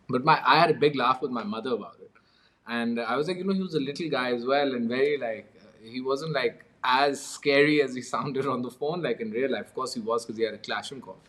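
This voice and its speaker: A man's voice: medium pitch, brisk, fairly bright tone. A man from Pakistan, an interview guest telling his story in a wry, amused way and chuckling often. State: coughing with a cold. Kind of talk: conversational storytelling.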